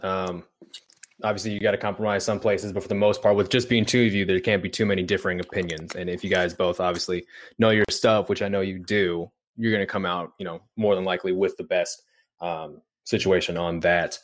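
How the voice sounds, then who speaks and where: A man hosting a sports podcast, asking questions in a relaxed, loose way. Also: low-pitched, brisk. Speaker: podcast host. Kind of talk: casual podcast interview.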